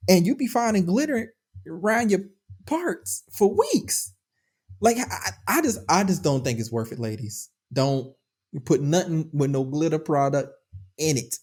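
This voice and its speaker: Animated, slangy woman host. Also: husky. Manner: animated, swooping pitch, slangy and profane. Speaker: podcast co-host. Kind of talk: casual chat.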